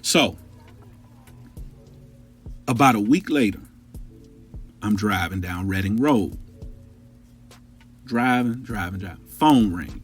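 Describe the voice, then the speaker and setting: A man's voice: on the low side, animated, takes it slowly, long pauses, soft background music. A man hosting a storytelling podcast, telling an anecdote in a profane, conversational way. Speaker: podcast host.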